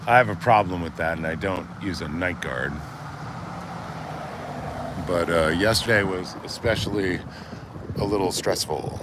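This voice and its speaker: A man's voice: low-pitched, unhurried, pauses often. A man streaming live while driving, chatting casually and greeting viewers by name. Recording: steady road and vehicle noise.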